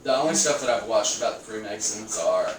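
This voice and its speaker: A man's voice: on the low side, animated, fairly quick. A man co-hosting a casual podcast chat, telling stories with a lot of swearing and laughter. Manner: profane, laughing storyteller. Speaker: podcast co-host. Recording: echoey room from far off, some noise.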